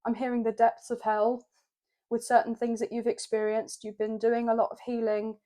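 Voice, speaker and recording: A woman's voice: a little high, monotone, moderate pace, dark tone. A woman reading tarot cards and passing on channelled messages in a flowing way, often saying what she is hearing. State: choked up with emotion. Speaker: tarot card reader.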